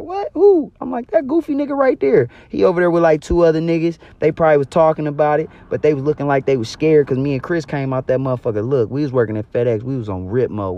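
A man's voice: medium pitch, warm tone, muffled recording. A young man telling a personal story to the camera, casual, slangy and full of profanity. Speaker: storyteller vlogger.

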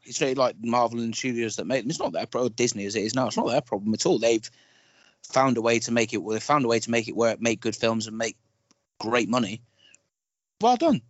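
A man's voice: medium pitch, fairly even intonation, fast talker, dry recording, dull audio. A man co-hosting a casual film podcast, rambling and correcting himself as he works through strong opinions. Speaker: podcast co-host.

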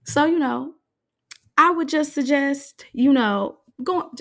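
A woman in casual chat, brash and animated, often breaking into laughter. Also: sits high, takes it slowly, gravelly.

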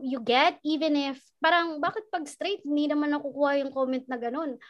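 A woman with a high voice talks candidly as a podcast guest. She swears freely and laughs often as she speaks. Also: normal speed, a bit bright. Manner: frank and profane, laughs often, switches between English and Tagalog. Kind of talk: candid conversational interview.

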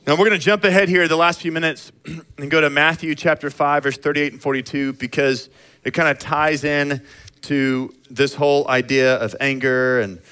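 A middle-aged man from the United States preaching a sermon in an animated, conversational way, acting out little scenes. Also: on the high side, moderate pace, clean tone. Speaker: pastor.

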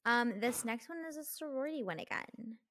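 A young woman co-hosting a casual podcast, reading ghost stories in an animated way, full of fillers and swearing. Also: fairly high pitch, fairly quick, no room sound, clean studio sound. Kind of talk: casual chat.

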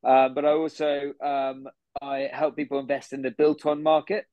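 A man's voice: medium pitch, level tone, normal speed, no room sound, phone-quality sound, close to an everyday voice. A man playing a pompous young bro who boasts and rambles, in an improvised comedy podcast. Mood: boastful. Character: smug posh young City bro, boastful gym fanatic. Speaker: podcast guest.

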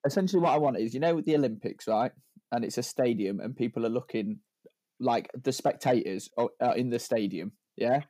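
Man, casual podcast chat, jokey, rambling, slightly husky, dry close sound. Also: medium pitch, brisk, dark tone, no room sound. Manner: rambling, jokey, stacks up "right?" tags. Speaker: podcast co-host.

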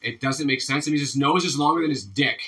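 A man hosting a casual podcast, loud and joking, laughing often as he tells crude jokes. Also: medium pitch, quick pace, distant mic. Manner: loud, joke-telling, laughs a lot. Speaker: podcast host.

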